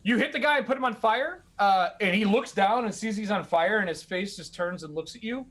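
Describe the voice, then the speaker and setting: A man running a tabletop game as game master, animated and quick to laugh. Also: high-pitched.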